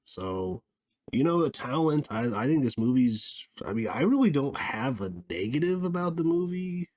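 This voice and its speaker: A man giving a casual spoken film review, rambling and halting, with frequent restarts and small laughs. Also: mid-range voice, animated, a little mellow.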